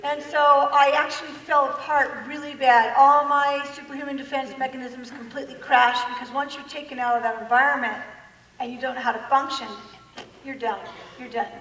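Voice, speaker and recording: High-voiced woman, echoey church hall. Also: a little fast, far from the mic. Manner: animated, self-mocking humor, acts out quotes. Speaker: guest speaker. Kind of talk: personal testimony talk. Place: large church hall with an audience. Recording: echoey hall recorded from afar.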